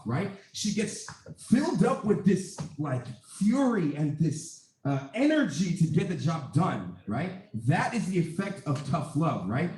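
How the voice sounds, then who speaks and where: A man delivers an impromptu speech with emphatic rhetorical questions. His pitch swings widely and sits a little high. The room is echoey. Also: sing-song, measured pace, hardly any pauses, darkish tone. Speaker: student speaker.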